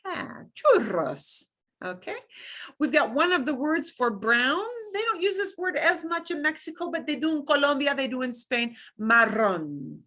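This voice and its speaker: A woman teaching a beginners' Spanish class, demonstrating sounds through slow, playful repetition. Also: sits high, expressive, sharp tone. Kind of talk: beginner language lesson.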